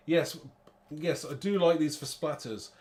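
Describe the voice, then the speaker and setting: A man's voice: a little high, darkish tone. A man hosting a live card-making demo, chatty and rambling, thinking aloud and laughing at his own muddles.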